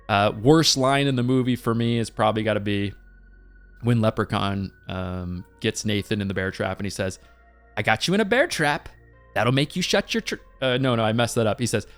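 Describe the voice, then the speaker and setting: Animated, rambling man reviewing a movie. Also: lowish voice. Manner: animated and rambling, with laughing asides.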